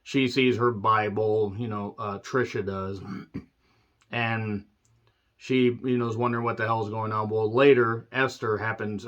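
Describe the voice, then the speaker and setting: A man ranting through a movie recap, sarcastic and profane, often clearing his throat. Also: lowish voice, fairly bright tone, muffled recording. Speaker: movie reviewer.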